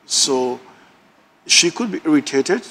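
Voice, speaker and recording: A man's voice: a little high, lively intonation, slow, vocal fry, a bit bright, big-room sound. A man guest on a talk show, talking thoughtfully with hesitations and restarts. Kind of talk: casual talk-show conversation.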